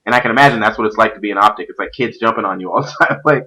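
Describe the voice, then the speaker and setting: A man's voice: lowish voice, racing, rough recording. A man hosting a stream, chatting casually about competitive gaming and rambling with lots of fillers. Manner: animated, rambling with many fillers. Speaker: stream host; youth pastor. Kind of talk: casual esports chat.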